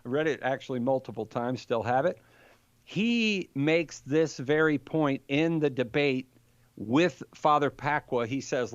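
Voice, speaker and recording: Older male apologist, mid pitch, lively storyteller who acts out quotes, dull dry recording. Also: a little slow, smooth, dry recording. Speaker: Catholic apologist guest. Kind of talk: casual conversation.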